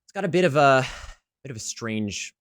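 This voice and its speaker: A man narrating a tabletop game as game master in a casual, hesitant way, often pausing on "um". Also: mid-range voice, lively intonation, no echo. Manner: casual, hesitant, many ums.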